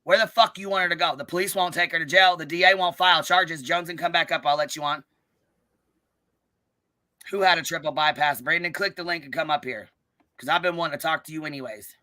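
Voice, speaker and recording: A woman hosting a live stream, ranting and calling people out in a combative, profanity-heavy way, with a notably low, bass-heavy voice. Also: fairly quick, sharp tone. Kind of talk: live-stream commentary rant.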